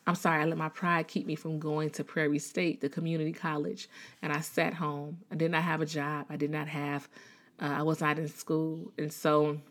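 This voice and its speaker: A woman's voice: deep voice, level tone, moderate pace. A woman in her thirties from the Chicago area, telling a personal faith testimony in a conversational way, with many fillers and restarts. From Chicago area, USA. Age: 30s. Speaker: Christian speaker sharing a testimony.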